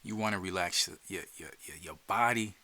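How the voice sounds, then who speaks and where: Jersey-accented male podcast host, bright voice, streetwise coaching that slips into whispers. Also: sits low, fairly quick. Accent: New Jersey. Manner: loose and streetwise, repeats words, drops into whispers. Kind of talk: casual guided instruction.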